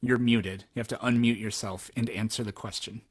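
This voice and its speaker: A man hosting an online debate, calm and persistent, repeating his questions. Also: fairly low pitch, a little fast, slightly rough.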